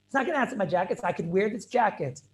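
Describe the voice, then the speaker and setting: Racing through his Talmud class on a video call, this rabbi speaks in a high-pitched, animated voice. The Torah lecture is lively, emphatic, and repetitive, with English laced with Hebrew and Yiddish words.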